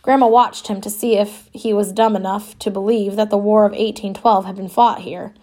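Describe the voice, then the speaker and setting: A woman's voice: mid-range voice, fairly even intonation, moderate pace, mellow. A woman reading an audiobook in the first person, with a wistful, wry storytelling manner. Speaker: audiobook narrator. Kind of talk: scripted first-person narration.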